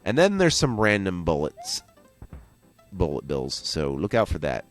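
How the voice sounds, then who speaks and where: A man's voice: sits low, wildly swooping pitch, a little slow, faint music behind. A man giving casual, rambling gameplay commentary as a let's play host, joking and going off on tangents.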